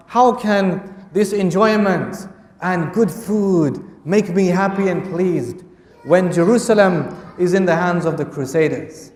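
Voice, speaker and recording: A man gives a historical storytelling lecture, weaving Arabic quotes into English and repeating phrases for emphasis. His voice is high. It is picked up from a distance, with a long reverb filling a large hall. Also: takes it slowly. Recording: echoey hall from far off.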